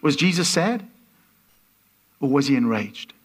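A man's voice: medium pitch, sing-song, a little slow. A man preaching a sermon as a guest speaker, telling a story and acting out the voices in the quotes. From Portuguese.

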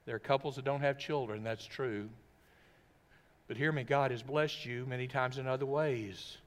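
A man's voice: medium pitch, fairly even intonation, moderate pace. Emphatic male pastor with a long hall echo. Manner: emphatic, full of rhetorical questions. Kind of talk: sermon. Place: church sanctuary. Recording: long reverb of a church hall.

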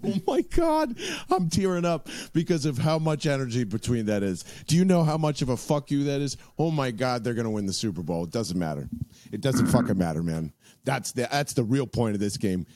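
A man's voice: mid-range voice, lively intonation, fairly quick, dark tone, no room sound. A man co-hosting a sports podcast, talking in a heated, profane rant. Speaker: podcast co-host.

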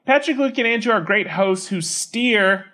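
A man's voice: high voice, lively intonation, normal speed, sharp tone. A man co-hosting a podcast, reading listener reviews aloud in casual, playful banter and laughing easily.

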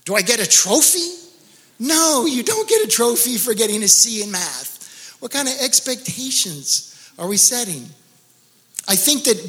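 A middle-aged male pastor preaching a sermon with animated, joking storytelling. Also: high voice. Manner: animated storytelling with laughs and exclamations.

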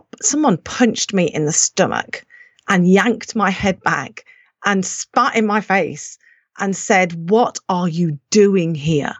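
A woman guest on a podcast, telling a personal story in an animated, self-deprecating way and acting out her inner voices. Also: mid-range voice, no room sound. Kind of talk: storytelling in conversation.

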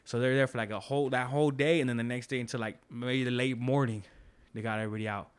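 A man's voice: medium pitch, steady tone, quick pace, clean tone. A man telling stories in casual podcast chat, slangy and profane, rambling with restarts.

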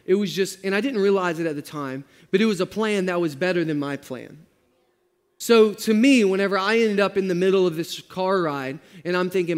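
A man preaching as a pastor, telling a story in a relaxed, joking way with slang, often laughing as he talks. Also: high-pitched, moderate pace, long reverb tail. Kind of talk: sermon.

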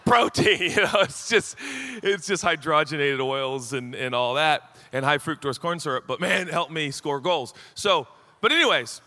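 A middle-aged man as pastor giving a sermon, telling a story with animated energy that rises into excited shouts and laughter. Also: a little high, normal speed, long reverb tail.

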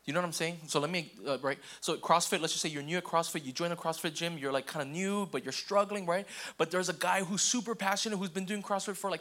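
A young man preaching a sermon in an easygoing, conversational way, often checking in with the congregation and acting out quick voices. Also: high voice, a bit bright. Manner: casual, repeats okay and restarts, acts out quoted voices. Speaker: pastor.

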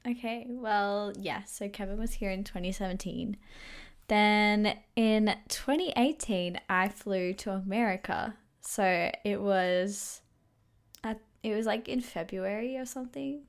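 A woman's voice: mid-range voice, fairly even intonation, measured pace, vocal fry. Chatty woman, second-guessing herself. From Australia. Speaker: podcast co-host. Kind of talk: casual chat.

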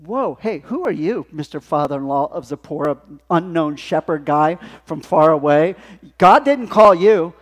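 A proud leader protests in a high, loud, offended voice, as a man acts him out. He talks in a mocking, defensive tone. A long church-hall reverb follows each line. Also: moderate pace, few pauses, natural voice. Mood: indignant. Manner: indignant, rising, mocking.

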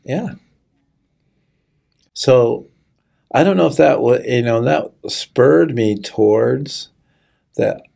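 Middle-aged male guest, earnest halting testimony, dark husky tone. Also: mid-range voice. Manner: earnest, halting storytelling, choking up. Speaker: guest sharing a personal story. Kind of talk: conversational testimony.

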